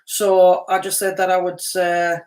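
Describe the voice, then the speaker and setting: A woman's voice: lowish voice, monotone, measured pace, a little mellow. A woman co-hosting a casual live stream who teases her partner and reads viewer comments aloud. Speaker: co-host and chat moderator.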